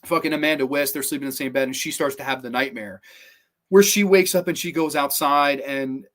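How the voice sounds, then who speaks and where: A man hosting a horror movie countdown show in a casual, rambling style, excited and swearing freely. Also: medium pitch, fairly quick.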